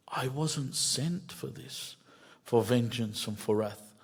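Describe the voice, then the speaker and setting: A middle-aged man giving a sermon, swinging between loud emphatic rises and quiet asides and quoting Arabic lines before translating them. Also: mid-range voice, unhurried, slightly rough. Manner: quotes Arabic phrases then translates them. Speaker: sheikh giving a mosque lecture.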